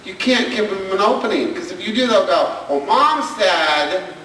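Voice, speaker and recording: A man's voice: high voice, lively intonation, moderate pace, noisy background. A man doing stand-up storytelling about family life, acting out the people in his stories, recorded on a camcorder far off in a large hall. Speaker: stand-up comedian and speaker. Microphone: camcorder from the audience.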